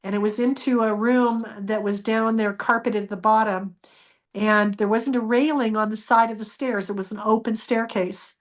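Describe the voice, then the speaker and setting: A woman with a fairly high voice tells a personal story in an interview. She speaks earnestly and acts out remembered dialogue by lifting her voice. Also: steady tone, normal speed. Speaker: interview guest.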